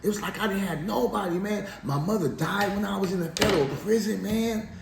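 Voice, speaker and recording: A man telling his life story in a casual interview, animated and slangy, laughing as he goes. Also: high voice, a little fast, vocal fry. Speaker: interview guest. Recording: echoey room, faint background noise.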